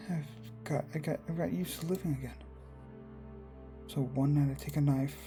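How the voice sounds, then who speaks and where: A man reading a visual novel aloud in quiet, brooding first-person narration. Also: medium pitch. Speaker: let's player.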